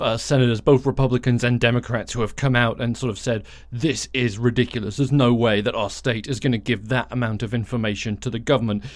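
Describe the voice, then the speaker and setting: A man's voice: on the high side, a little mellow, no echo. A man hosting a solo podcast, delivering a blunt, sarcastic commentary monologue and swearing freely. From outside the United States. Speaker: podcast host.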